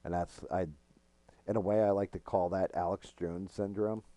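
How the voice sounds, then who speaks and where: A man's voice: low voice, steady tone, normal speed, warm tone, no echo. A middle-aged man streaming a game, talking frankly and rambling, with plenty of profanity. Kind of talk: casual gaming stream chat.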